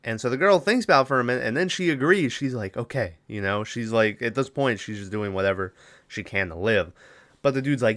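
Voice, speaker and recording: A man's voice: mid-range voice, expressive, fairly quick, a bit bright. A man hosting a podcast alone, retelling a horror film's plot in a loose, rambling way, with many fillers and quoted bits of dialogue. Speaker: podcast host. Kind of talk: casual solo movie recap.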